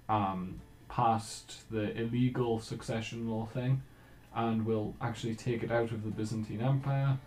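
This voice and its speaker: Mellow-voiced man thinking aloud over gameplay. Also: medium pitch, echoey room, slight background noise. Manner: thinking aloud, relaxed and musing. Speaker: let's play host. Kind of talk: casual gameplay commentary.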